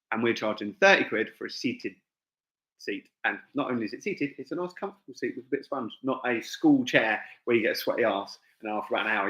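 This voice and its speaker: A middle-aged Englishman who promotes fights and owns a gym talks casually to live-stream viewers, peppering his chat with asides and fillers. His voice sits at medium pitch with a fairly bright tone, and the room sounds echoey and dull.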